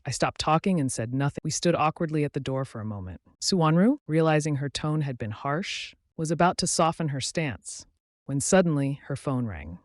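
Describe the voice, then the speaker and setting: A man reading a drama story recap as narrator, voicing every character's lines in the same even voice. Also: a little high, moderate pace, no room sound, studio quality.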